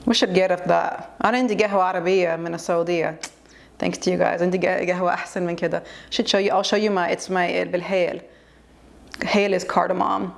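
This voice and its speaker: A young woman hosting a reaction video, explaining words in a chatty way with quick asides. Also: fairly low pitch, flat delivery, gravelly. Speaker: host, Arabic linguist. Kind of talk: reaction commentary.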